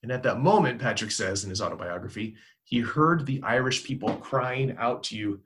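Male pastor, sermon delivery, emphatic and repetitive, gravelly tone, mid-range pitch. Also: expressive, moderate pace, hardly any pauses, a bit bright.

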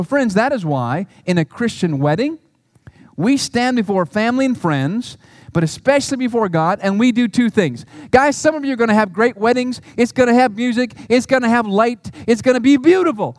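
A middle-aged man preaching a sermon as a pastor, earnest, with emphatic peaks and soft low asides. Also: dry recording.

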